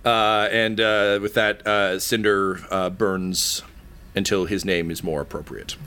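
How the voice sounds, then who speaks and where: A man narrating as game master, halting with many ums and uhs. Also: on the low side, little pitch movement, bright, forceful tone, clean tone.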